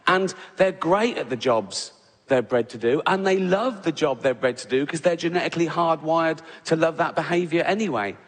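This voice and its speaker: A man's voice: fairly high pitch, moderate pace. A man doing stand-up comedy, rambling and self-interrupting, with lots of swearing. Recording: reverberant live venue with loud ambience.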